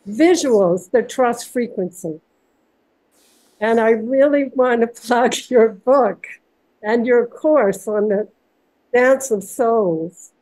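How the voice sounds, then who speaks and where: Slow-talking older woman, gushing. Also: on the high side, low-quality recording. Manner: warm, gushing, laughs often. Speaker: panel guest. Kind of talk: heartfelt spiritual talk on a video call.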